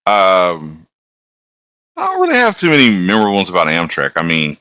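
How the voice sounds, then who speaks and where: A very deep-voiced man tells easygoing stories as a podcast guest. His tone is bright and forceful despite the low pitch. He laughs often and acts out the voices of the people in his stories. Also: huge pitch swings, fairly quick, dry recording. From Alabama. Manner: laid-back storyteller, laughs often, acts out quotes. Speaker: guest, locomotive engineer. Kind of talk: casual storytelling on a podcast.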